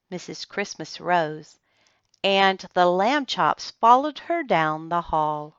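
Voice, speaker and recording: A woman reading a children's book aloud in a slow, expressive storytelling manner. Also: on the low side, clear, resonant tone, no echo, lo-fi sound.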